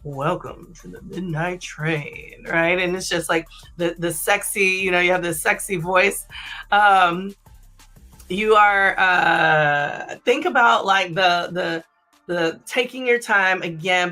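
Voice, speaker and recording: A woman hosting a casual live-stream of sex advice, chatty, with many fillers and "right?" tags, sometimes dropping into a low, slow voice to make a point. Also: bright, forceful tone, soft background music. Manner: drops into a low slow voice to demonstrate. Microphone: streaming setup.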